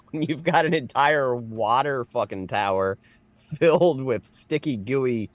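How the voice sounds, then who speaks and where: A man's voice: mid-range voice, slow, no echo. A man telling rowdy stories as co-host of a casual comedy podcast, swearing freely. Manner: swearing, animated storytelling.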